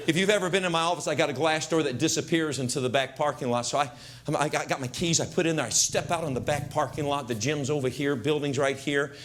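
An older man preaching a comic storytelling sermon, acting out scenes and shouting voices loudly. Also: a little high, slight background noise. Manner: animated, acts out scenes with loud shouts.

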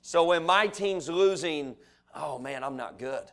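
A man preaching a sermon, telling folksy stories and building to animated preaching. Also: a little high, a little slow.

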